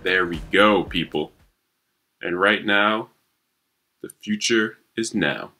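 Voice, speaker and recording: A man's voice: sits low, takes it slowly, faint music behind. A man giving casual, joking commentary on a sports video game as a YouTuber. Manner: joking, excitable, chatty. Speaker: gaming YouTuber.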